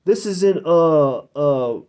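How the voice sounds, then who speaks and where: A male preacher with a fairly high voice delivers a sermon and reads scripture aloud. He talks haltingly, repeats himself, fills pauses and drops in profane asides. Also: animated, dark tone, smooth.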